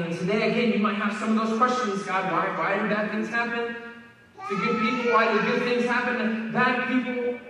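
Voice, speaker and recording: A preacher with a high, bright, ringing voice talks to his congregation as if in conversation and often turns questions back to them. His quoted verses drop low and soft. The long reverb of the sanctuary and the distant mic fill the sound. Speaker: pastor. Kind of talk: sermon. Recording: echoey hall heard from a distance.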